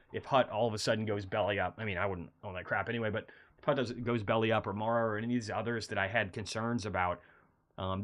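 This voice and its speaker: A man hosting a casual market commentary stream, talking through charts in a rambling, conversational way while feeling a bit unwell. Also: on the low side. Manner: conversational, rambling, animated bursts of excitement. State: feeling unwell, low energy.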